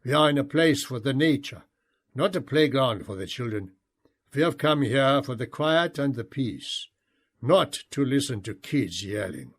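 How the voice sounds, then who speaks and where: A man's voice: mid-range voice, expressive, a little slow, husky. A man doing a stilted German tourist. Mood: indignant. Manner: stiff, stilted and scolding. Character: stiff, indignant middle-aged male German tourist.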